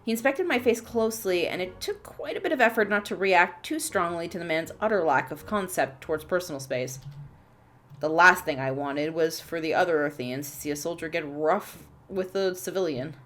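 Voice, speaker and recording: A woman hosting a let's play, reading a visual novel's narration aloud in an expressive storytelling manner. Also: on the low side, moderate pace.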